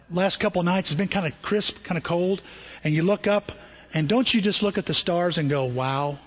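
Animated preaching man in a reverberant hall. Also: high-pitched, slightly rough, muffled recording. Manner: animated, conversational preaching with rhetorical questions. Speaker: pastor. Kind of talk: sermon.

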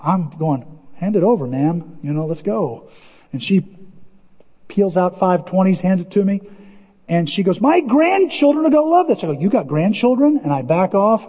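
Animated preaching man, lively voice. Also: high-pitched, normal speed, husky. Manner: animated, storytelling, shouting bursts of excitement. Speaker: pastor. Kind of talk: sermon. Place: church sanctuary. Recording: dull lo-fi audio with long church reverb.

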